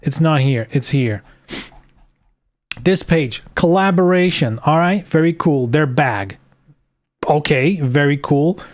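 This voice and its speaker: A man's voice: fairly high pitch, slow pace, pauses often. A man streaming live, reading game news aloud and ranting about it sarcastically, swearing often.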